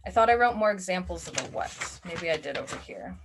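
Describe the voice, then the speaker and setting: A woman leads an online self-awareness class in a relaxed, conversational way. She uses casual fillers and slips into short acted-out snippets of her inner voice. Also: on the low side, brisk, creaky, background noise.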